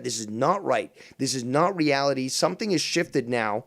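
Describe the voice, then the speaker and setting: A man with a gravelly voice hosts a casual livestream and rants about what he is watching. His pitch swings widely, from low grumbles to high, near-shrieking mock panic, and he swears constantly. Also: animated, moderate pace, hardly any pauses, a bit bright, no room sound, clean studio sound. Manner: profane, mock-panicked ranting. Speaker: stream host.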